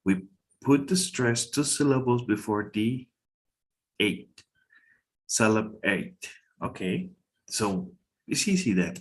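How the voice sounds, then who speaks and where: A man teaching an English pronunciation lesson in a casual, halting way, checking in with his students. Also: medium pitch, lively intonation.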